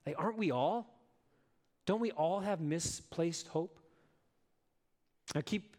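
A man's voice: mid-range voice, takes it slowly, pauses often, darkish tone. A man preaching a sermon as a pastor, earnest and emphatic, putting rhetorical questions to his listeners.

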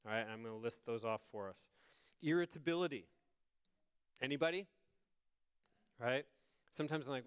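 A man's voice: medium pitch, moderate pace, long pauses, clean tone. A man preaching a sermon in a conversational way, often checking in with his listeners. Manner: conversational, asks the congregation "right?". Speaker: pastor.

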